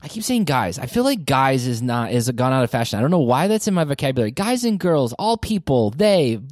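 An animated man in his forties hosts a casual movie podcast. He rambles with real enthusiasm. His voice sits close and dry on the mic, with no room sound. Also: mid-range voice, a little fast, dry recording. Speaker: podcast host. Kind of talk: casual movie review chat.

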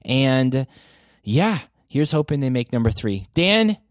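A man in his forties hosting a casual podcast, talking about a film in an animated, rambling way. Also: mid-range voice, slow, no room sound, clean studio sound. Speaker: podcast host. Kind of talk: casual movie review chat.

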